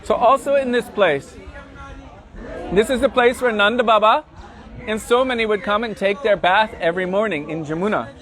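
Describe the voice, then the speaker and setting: A high-pitched man narrates devotional tales with dramatic flair while guiding pilgrims. His telling swells and slows for effect. Faint crowd murmur hangs in the open air around him. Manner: animated, dramatic storytelling. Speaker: pilgrimage guide and storyteller. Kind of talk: devotional storytelling on a pilgrimage tour. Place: outdoors at a riverside site.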